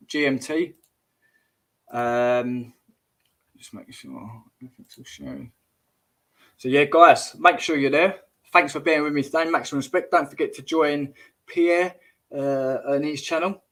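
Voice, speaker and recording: A man's voice: medium pitch, fairly bright tone. A man hosting a casual livestream, chatting and joking with viewers and calling them mate. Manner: chatty and jokey, says mate, laughs at chat comments. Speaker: YouTube livestream host. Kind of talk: casual live-stream chat.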